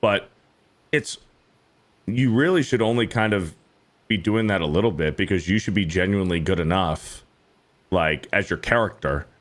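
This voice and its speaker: A man's voice: lively intonation, normal speed, pauses often. Blunt, profane man hosting a podcast. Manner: blunt, profane, mimics others in high mocking voices. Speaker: podcast host. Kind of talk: casual podcast chat.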